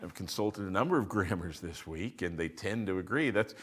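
Guy preaching a sermon, bright voice, really animated, keeps asking questions then answering them. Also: deep voice, moderate pace, husky. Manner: lively teaching voice, asks and answers rhetorical questions. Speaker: pastor. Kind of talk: expository sermon.

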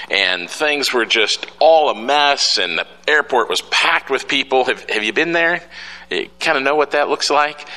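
A middle-aged pastor preaches with a bright, forceful, mid-range voice, telling a story conversationally and putting rhetorical questions to the congregation. A long hall reverb hangs on the recording.

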